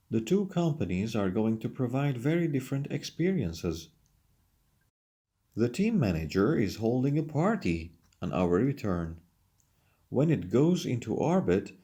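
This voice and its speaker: A man's voice: medium pitch, mellow, breathy edge. A man teaching English, reading questions and answers from a textbook lesson aloud. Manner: reads questions then answers them aloud.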